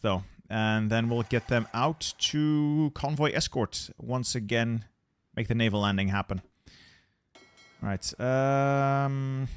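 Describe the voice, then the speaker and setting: Young guy streaming a strategy game, medium voice, chill thinking-out-loud, trips over words a bit. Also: mid-range voice. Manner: thinking aloud, relaxed, repeats words while planning.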